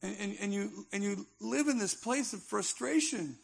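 A man's voice: high voice, moderate pace, vocal fry, hardly any pauses, slightly rough. A male pastor preaching a sermon in a conversational, emphatic style with touches of humor.

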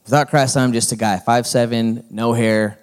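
A man's voice: medium pitch, steady tone, moderate pace. A middle-aged male pastor preaching a sermon in a folksy, conversational manner that builds to emphatic points.

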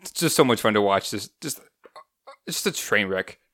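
A man's voice: fairly low pitch, normal speed, no room sound, studio quality. A man in casual podcast talk, rambling through a movie review with restarts. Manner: rambling, restarts, animated retelling. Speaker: podcast co-host.

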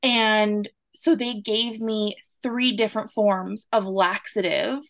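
A woman's voice: medium pitch, fairly even intonation, takes it slowly, a bit bright, dry recording. Earnest young woman telling her story. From Canada. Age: 20s. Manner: earnest, emotional retelling with quoted dialogue. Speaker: podcast guest, nurse. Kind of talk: personal story in an interview.

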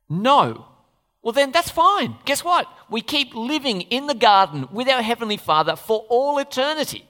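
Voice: high-pitched, big pitch swings, moderate pace, pushed and bright. A preacher giving a sermon in a conversational way, asking the congregation questions and adding playful asides. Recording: long reverb of a large hall.

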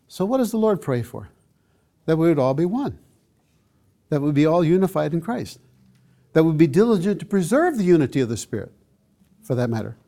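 A man's voice: on the high side, mellow. An older man, a pastor, giving an earnest, emphatic teaching talk to a church audience, with frequent asides to his listeners.

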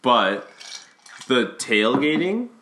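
A man's voice: mid-range voice, sing-song, drawn-out words, background noise. Swearing man in an echoey room. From Canada. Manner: rowdy storyteller, heavy swearing. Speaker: podcast co-host. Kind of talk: casual chat.

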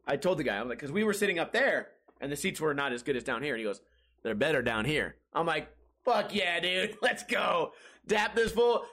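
A young man hosts a comedy podcast and tells a story in a casual, swearing way. His voice is bright and cutting, and his pitch jumps around a lot as he acts out the people in the story. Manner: profane, animated, acts out quoted voices. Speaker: podcast host.

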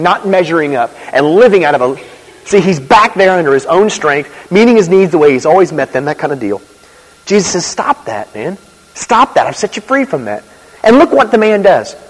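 A man preaching a sermon in a conversational, animated way, with asides and quick laughs. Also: a little high. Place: church. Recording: reverberant hall.

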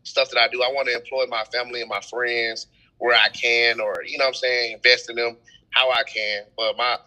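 A young man telling stories in a casual podcast chat, animated and full of slang. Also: mid-range voice, fairly quick, low-quality recording. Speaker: event host and promoter.

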